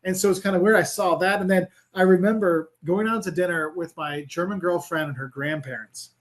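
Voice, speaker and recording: In a relaxed interview, the guest, a middle-aged man who creates travel content and works as a professor, speaks a little fast in a high-pitched voice. He rambles with animation, leaning on "like" and frequently starting over.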